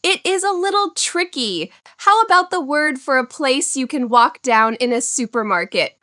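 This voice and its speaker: A woman teaching English in a scripted lesson, speaking slowly, clearly and encouragingly. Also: high-pitched, expressive, pushed and bright, no echo, studio quality.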